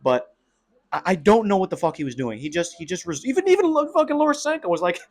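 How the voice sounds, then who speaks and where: A young man giving a casual, excitable fight breakdown, full of slang and swearing. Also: high voice, quick pace. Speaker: MMA commentator.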